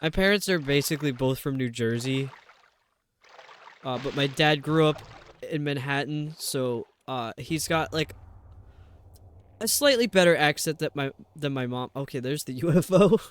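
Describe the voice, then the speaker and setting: A man live-streams a video game, rambling casually to his viewers as he puzzles over a level. His voice is on the high side and his pace moderate.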